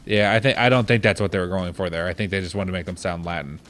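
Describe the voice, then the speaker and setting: A man's voice: low voice, steady tone, fast talker, fairly bright tone, slight background noise. A man co-hosting a let's play, chatting casually with dry, teasing corrections. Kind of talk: casual gameplay commentary.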